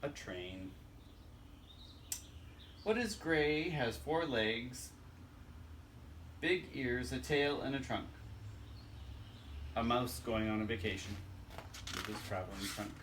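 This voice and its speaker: A man's voice: mid-range voice, animated, takes it slowly, pauses often, fairly bright tone, recorded from a distance, slight background noise. A man reading a children's joke book aloud, chuckling at his own jokes.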